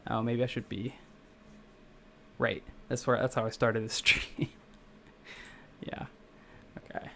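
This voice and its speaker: Young man from the midwest, gravelly voice, rambling live-stream chat, faint hiss behind. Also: mid-range voice, level tone, takes it slowly, fairly bright tone. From Midwestern United States. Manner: rambling, self-correcting, chatty with viewers. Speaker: game developer streaming live. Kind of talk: casual live-stream chat while coding.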